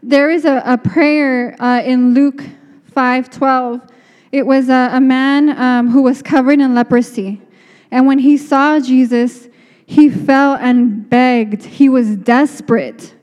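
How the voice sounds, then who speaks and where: A woman preaches in an earnest, chatty way, often restarting her sentences. Her voice sits high but sounds mellow, and a long hall reverb trails after her words. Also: steady tone, unhurried, lo-fi sound. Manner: earnest, conversational, many restarts. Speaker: speaker. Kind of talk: sermon.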